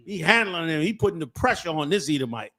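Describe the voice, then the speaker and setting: A man with a slightly high voice reacts to a clip on a live stream. He sounds indignant and hits his words hard. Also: lively intonation, fast talker, fairly bright tone. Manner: indignant, emphatic. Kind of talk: reacting to a viral video on a stream.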